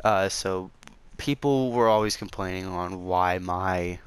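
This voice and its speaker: A man's voice: deep voice, slow, clear, resonant tone, no room sound. A man hosting his small gaming channel, rambling casually and defensively, repeating himself and stuttering often. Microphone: console game capture.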